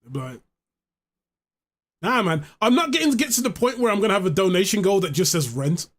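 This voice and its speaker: A man's voice: high voice, very animated, fairly quick, slight background noise. A man streaming live, chatting casually in a rambling, joking way, swearing freely. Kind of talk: casual chat.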